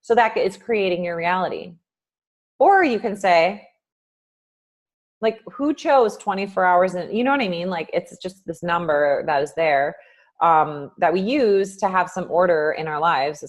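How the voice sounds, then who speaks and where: A woman life coach giving a casual, live-streamed motivational talk, acting out inner voices with big swings in pitch and loudness, with many ums. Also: measured pace.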